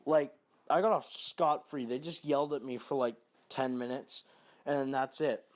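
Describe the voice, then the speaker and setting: Casting: young male vlogger, mid-pitch, rambling and profane, loose storytelling. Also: moderate pace. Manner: profane, rambling, lots of fillers. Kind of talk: casual storytelling to camera.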